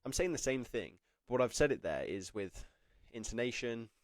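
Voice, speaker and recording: A young apprenticeship advice vlogger talks to camera at a moderate pace, his mid-range voice swinging widely in pitch. He's chatty and rambling, uses "like" a lot, and often laughs self-consciously. Studio-quality audio with no echo.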